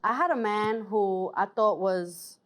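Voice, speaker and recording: A woman's voice: mid-range voice, slow pace, noisy background. A woman from Brooklyn with a New York accent, telling a story in a casual, blunt, streetwise way.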